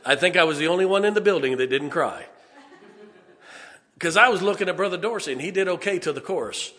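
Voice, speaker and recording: A man, preaching a sermon in a folksy storytelling way, with punchy asides and slow, stressed points. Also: sits high, expressive, a bit bright. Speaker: pastor. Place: church sanctuary. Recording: long church reverb.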